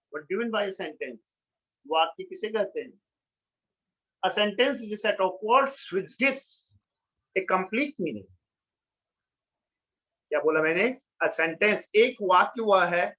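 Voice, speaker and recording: High-voiced Indian lecturer, lo-fi recording. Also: male voice. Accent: Indian English. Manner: mixes English and Hindi, repeats key words. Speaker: college lecturer. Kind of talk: classroom lecture. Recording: dull lo-fi sound.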